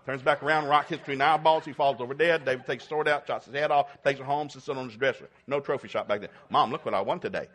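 A man's voice: mid-range voice, fairly even intonation, quick pace, hardly any pauses, a bit bright. A man preaching a sermon, retelling Bible stories in a folksy, humorous way and acting out the characters. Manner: folksy storytelling with acted-out voices.

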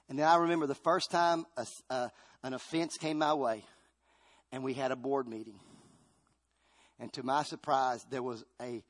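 A male pastor preaching a storytelling sermon, repeating phrases and swinging between bursts of intensity and hushed moments. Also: mid-range voice. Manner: repetitive, storytelling, rising and falling intensity.

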